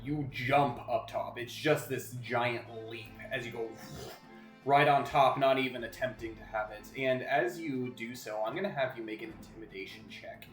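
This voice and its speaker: A man running a tabletop game as game master, relaxed and chuckling, with many fillers. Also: mid-range voice, normal speed, faint music behind. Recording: roomy echo.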